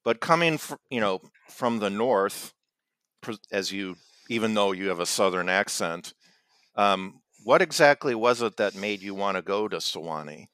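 A man's voice: on the low side, animated, normal speed, fairly bright tone, clean tone, no echo. A man co-hosting a casual podcast, talking in stumbling restarts that cut himself off mid-thought. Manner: stumbling, self-interrupting. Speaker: podcast co-host. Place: lives in Virginia.

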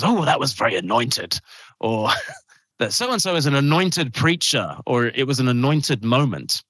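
A man, an evangelist and minister, preaching warmly and explaining a word as a podcast guest. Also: mid-range voice, dry recording. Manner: fervent, builds rhetorical questions.

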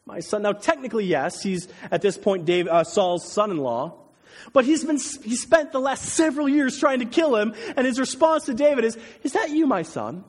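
A man preaching a sermon as pastor, animated, swinging between loud emphasis and hushed intensity. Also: extremely high pitch, moderate pace. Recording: long hall reverb.

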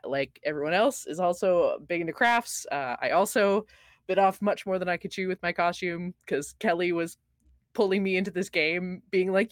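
A woman player introducing herself, self-deprecating and giggling between remarks. Her voice is lowish, and the recording is dry and close. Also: normal speed, no room sound. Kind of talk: casual chat.

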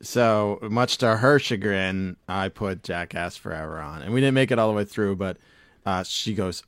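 A low-voiced man co-hosting a podcast, rambling through stories with plenty of swearing and easy laughter. His voice is close and dry, with no room sound around it. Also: moderate pace, smooth, no room sound. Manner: rambling, profane, laughs often. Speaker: podcast co-host. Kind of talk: casual chat.

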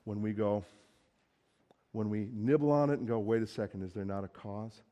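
A man's voice: lowish voice, moderate pace, warm tone, lo-fi sound. A man preaching a sermon in a conversational, emphatic way, acting out quoted lines.

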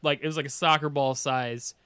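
A man spins a story in casual podcast chat, animated and full of swearing, laughing as he talks. His voice is bright and forward, recorded close and dry with no room sound. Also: a little high, fairly quick, clear, resonant tone, no room sound. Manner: animated, swears a lot, laughs while telling. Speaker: podcast guest. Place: podcast studio.

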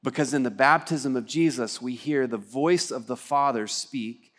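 A male pastor from Texas delivers a livestreamed church sermon. He preaches in an earnest, conversational way and often turns to the congregation with questions. His voice sits at an ordinary middle pitch. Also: normal speed.

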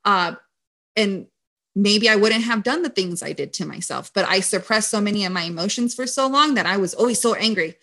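A young adult woman hosting a podcast, talking emphatically and casually, her voice jumping high when she gets excited. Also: a little fast. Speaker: podcast host. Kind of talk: casual conversation.

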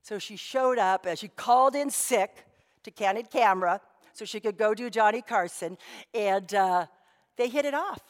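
A woman's voice: medium pitch, normal speed, big-room sound. A woman pastor giving a sermon. She tells stories in a conversational way, with many asides to the congregation.

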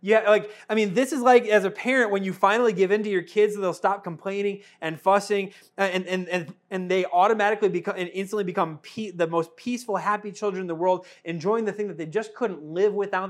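A male pastor preaching a sermon in a conversational, animated way, full of rhetorical questions. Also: sits high, brisk, hardly any pauses.

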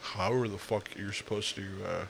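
A man's voice: on the low side, steady tone, fairly quick, creaky, a bit bright, a little hiss or hum. A young man ranting casually in a profane, rambling monologue, with fillers and sighs. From Latino, Spanish speaker.

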